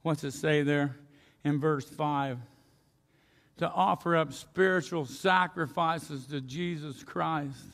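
A male pastor preaching in a homespun, storytelling manner, his fairly high voice gravelly with fry. He talks straight to his congregation and asks them questions. The sound carries a long reverb through the church. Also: slow pace, fairly bright tone. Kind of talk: sermon.

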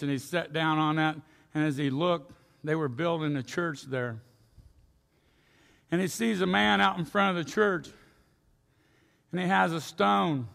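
A male pastor preaching in a homespun, storytelling manner, his fairly high voice gravelly with fry. He talks straight to his congregation and asks them questions. The sound carries a long reverb through the church. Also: fairly bright tone. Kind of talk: sermon.

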